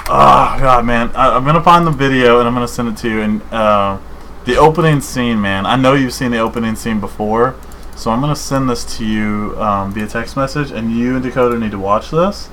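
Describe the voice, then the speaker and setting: A man co-hosting a podcast in casual chat, rambling and excited, saying dude and man a lot. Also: medium pitch, a little fast, a little hiss or hum, low-quality recording. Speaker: podcast co-host.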